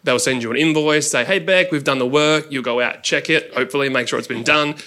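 A man's voice: on the high side, a little fast, sharp tone. A man with an Australian accent, a mortgage broker, explaining loans plainly and in a friendly way at a live Q&A.

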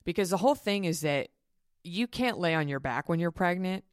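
A woman's voice: on the low side, lively intonation, fairly quick, clear, resonant tone, no echo, studio quality. A woman in her thirties hosting a solo podcast, chatty and frank, swearing freely and acting out what others said. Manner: chatty, frank and profane, with mimicked quotes. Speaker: podcast host. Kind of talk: casual solo podcast chat.

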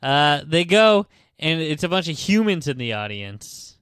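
A man on a book podcast retells a story in loose, casual chat. He rambles and swears, with plenty of ums and uhs. His voice is smooth and clear, and the room sounds dry and close. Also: a little high, big pitch swings, unhurried, a bit bright, no room sound. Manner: rambling, profane retelling full of fillers.

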